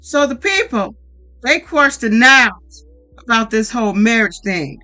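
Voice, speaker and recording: A reality TV recap commentator giving a blunt, profane, animated monologue that acts out quoted lines. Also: medium pitch, takes it slowly, long pauses, faint music behind.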